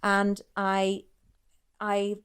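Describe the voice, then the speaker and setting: A woman in her forties speaks in a candid, confessional vlog. She rambles and keeps cutting herself off mid-thought. Her voice is smooth and clear, at a middling pitch. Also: completely flat delivery, drawn-out words, a bit bright. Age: 40s. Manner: rambling, confessional, self-interrupting. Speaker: fitness coach and vlogger.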